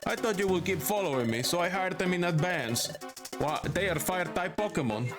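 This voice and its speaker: A man's voice: high-pitched, expressive, moderate pace, over music. A man doing a gloating ghost bandit. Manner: gloating, taunting. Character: smug sneaky ghost Pokemon bandit.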